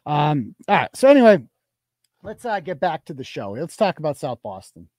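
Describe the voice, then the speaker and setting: A man's voice: a little high, very animated, normal speed, a little mellow, no echo. Man ranting on a live show, dry sound. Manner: heated, swearing constantly, restarts mid-sentence. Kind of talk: profane political rant.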